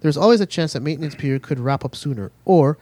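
A man's voice: a little high, expressive, quick pace, dark tone, no room sound. A young man hosting a casual gaming chat show, reading news items aloud and getting irritated at interruptions. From eastern North America.

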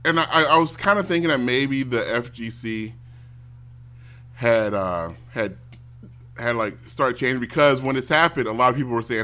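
Guy ranting on stream, really bright voice, gets loud and mocky. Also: medium pitch, normal speed. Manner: animated, mocks others in loud exaggerated voices. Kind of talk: casual ranting commentary.

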